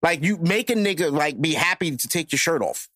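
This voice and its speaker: A man's voice: fairly high pitch, animated, a little fast, fairly bright tone, no echo, studio quality. A man in his thirties hosting a podcast, talking bluntly and profanely in casual chat. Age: 30s. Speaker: podcast host.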